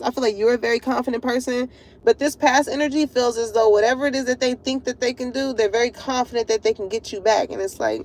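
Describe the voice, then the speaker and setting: High-pitched lady doing a tarot reading, super animated, slangy, laughs a lot. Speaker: tarot reader.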